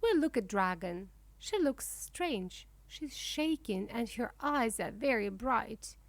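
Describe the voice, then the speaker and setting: A woman reading a children's storybook aloud in a slow, clear way for young English learners. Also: a little high, animated, dry recording. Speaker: narrator. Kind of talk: children's book read-aloud.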